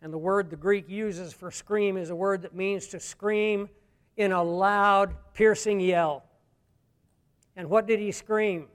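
A pastor preaching a sermon, dropping to a hush and then rising to loud emphatic lines. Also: male voice, high-pitched, fairly even intonation, slow. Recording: long hall reverb.

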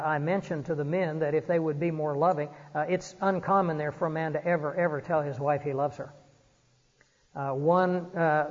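A man preaching an earnest, exhorting sermon from a church pulpit, often pausing on "uh". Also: a little high. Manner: earnest, exhorting, frequent "uh" fillers. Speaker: pastor. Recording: dull recording in a reverberant church hall.

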